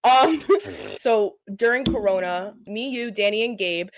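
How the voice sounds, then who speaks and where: A woman's voice: medium pitch, a little slow, noisy background. A young woman co-hosting a podcast, telling stories casually and bluntly, with some swearing. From Staten Island, New York. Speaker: podcast co-host. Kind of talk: casual chat.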